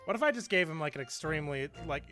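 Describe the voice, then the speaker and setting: A man bantering during a game, playful and quick to laugh. His voice is high and bright, with lively swings in pitch. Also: faint music behind. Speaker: let's play co-host. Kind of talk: casual gaming banter.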